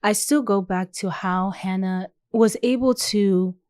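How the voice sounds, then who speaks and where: A woman's voice: mid-range voice, a little slow, a little mellow, dry recording, clean studio sound. Reflective woman, faith podcast co-host. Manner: reflective, with repeated restarts. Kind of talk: casual faith discussion.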